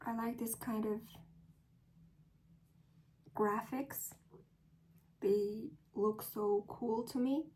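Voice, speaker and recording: A woman with a Mongolian accent, a vlogger who chats casually and then reads a book aloud slowly and carefully. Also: on the high side, steady tone, a little mellow, low-quality recording. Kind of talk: casual chat and reading aloud.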